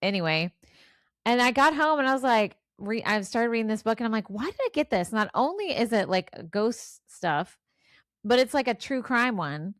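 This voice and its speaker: A woman in her forties co-hosting a casual podcast chat, animated and acting out her own reactions as she talks. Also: on the high side, normal speed, no room sound, clean studio sound. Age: 40s. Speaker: podcast co-host.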